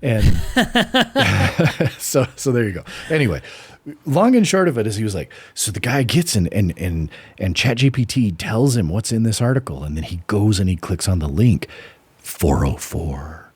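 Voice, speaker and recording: A man's voice: on the low side, sing-song, moderate pace, breathy edge, no room sound. A young man co-hosting a casual book-discussion podcast, rambling and restarting as he tells a story. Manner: rambling, self-interrupting storyteller. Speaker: podcast co-host.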